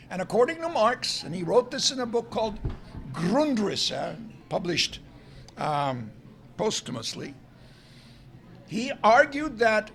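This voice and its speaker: Male lecturer, high voice with a gravelly edge, emphatic and argumentative. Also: fairly bright tone. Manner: emphatic, argumentative, stresses key words. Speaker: guest lecturer. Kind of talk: public lecture. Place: restaurant event room.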